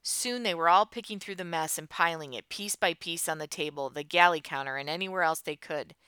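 A woman narrating a tense audiobook in a steady storytelling voice. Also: fairly low pitch, brisk, clean tone, no room sound.

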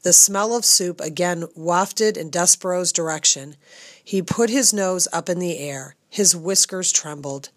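Low-voiced woman narrating a storybook. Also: no room sound, studio quality. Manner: measured, addresses the reader directly. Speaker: audiobook narrator.

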